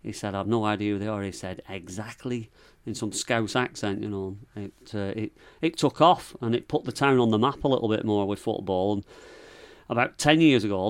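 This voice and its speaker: Podcast guest: middle-aged Lancashire man, low-pitched, rambling and dry. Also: smooth. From England. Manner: rambling, dry storyteller with northern dialect. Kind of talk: casual chat.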